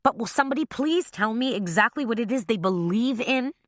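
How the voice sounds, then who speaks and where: Woman doing a shrill, sassy gal. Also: animated, fairly quick, no echo, studio quality, natural voice. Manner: shrill, wisecracking. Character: brassy sassy young woman, loud and shrill.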